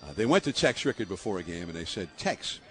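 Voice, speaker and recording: This older baseball broadcaster from the San Francisco Bay Area speaks fast in a low-pitched voice. During an interview he tells lively stories, laughs a lot, and leans heavily on fillers.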